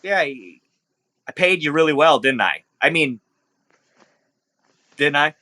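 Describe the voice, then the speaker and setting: A man's voice: fairly high pitch, lively intonation, a little slow, bright, forceful tone. A man voicing a flamboyant male club owner who plays the showy host with nervous undertones.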